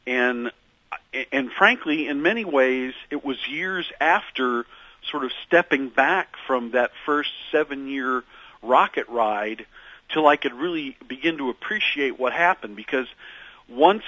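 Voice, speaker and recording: A man's voice: mid-range voice, animated, measured pace, bright, forceful tone, no room sound, muffled recording. A man being interviewed as a musician guest, telling stories in a meandering way with many fillers and restarts. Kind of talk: reflective radio interview storytelling.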